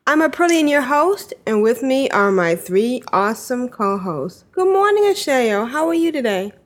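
Upbeat woman podcast host, slightly high voice, chatty. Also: big pitch swings, moderate pace. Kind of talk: casual podcast chat.

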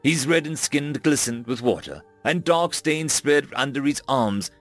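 A man reading a first-person science-fiction audiobook with dramatic flair. His pitch rises and falls in lively, animated swings, and his voice sits at a middle pitch over faint background music. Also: unhurried. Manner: dramatic, expressive storytelling.

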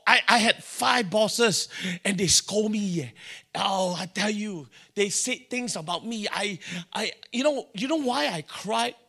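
A man's voice: high-pitched, lively intonation, slow, creaky, bright, forceful tone. A middle-aged man with a Singaporean English accent preaching a sermon, telling stories animatedly and acting out the dialogue. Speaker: pastor.

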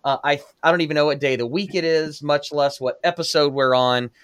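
A man's voice: fairly high pitch, steady tone, brisk, fairly bright tone, clear, resonant tone. A man hosting a podcast, casual and self-deprecating as he opens the episode and chats. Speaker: podcast host. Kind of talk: conversational interview.

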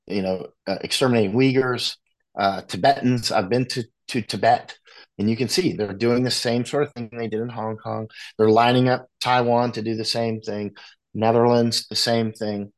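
An American man, a war correspondent guest, talking bluntly in a casual conversation, with frequent restarts and animated asides. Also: medium pitch, normal speed. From United States.

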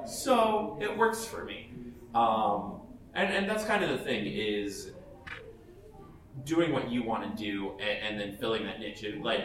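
Heard from far off in an echoey hall with faint ambience, a man with a mid-range, slightly bright voice speaks at a panel as a professional cosplayer. His casual advice talk is blunt and chatty, with frequent laughs and restarted sentences.

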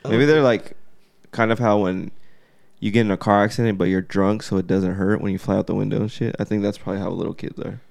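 A man's voice: fairly low pitch, fairly even intonation, quick pace, creaky, darkish tone. Young guy rambling to his buddies, like like like, cussing here and there. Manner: rambling, swearing, lots of fillers. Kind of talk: casual chat.

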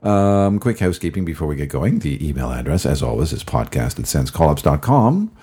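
Gravelly deep-voiced man hosting. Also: very animated, brisk, mellow. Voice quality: gravelly, recovering voice. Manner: rambling, many fillers and self-corrections. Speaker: podcast host. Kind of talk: casual hockey podcast chat.

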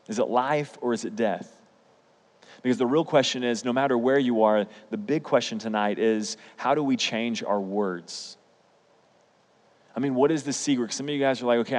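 A young male pastor delivers his sermon in a relaxed, conversational way, drifting into personal stories and pressing his points with emphasis. His voice sits at a middle pitch, and a long reverb from the hall trails after each phrase.

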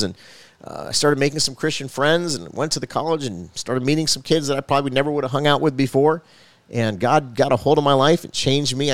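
A man's voice: mid-range voice, vocal fry, dry recording. A male pastor telling his personal faith testimony in an earnest storytelling manner, building emphasis as he goes.

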